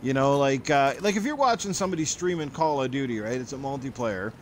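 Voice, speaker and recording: A male podcast host chatting casually on a livestream, rambling loosely with plenty of "like" and "you know". His voice sits at an ordinary middle pitch, with a faint hiss underneath. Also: lively intonation, quick pace. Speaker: podcast host reading stream chat. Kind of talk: casual chat.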